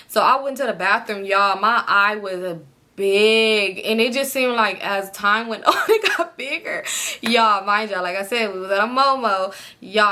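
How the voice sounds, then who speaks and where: A woman's voice: medium pitch, sharp tone. A woman vlogger telling a casual, profane story to her viewers, filling her speech with "like" and calling them "y'all". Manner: chatty, profane, fills speech with "like".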